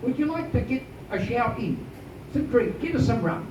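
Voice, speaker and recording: Man playing a drunk jovial sea captain, boozy and loose, high raised voice, roomy echo. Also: expressive, normal speed. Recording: echoey, distant, dull noisy room recording.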